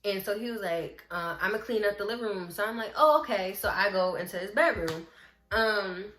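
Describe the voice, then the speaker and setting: Bright-voiced woman telling a storytime. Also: mid-range voice, normal speed, slight background noise. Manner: lively, acts out what people said, talks to viewers as y'all. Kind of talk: casual storytime chat. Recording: roomy echo with faint music.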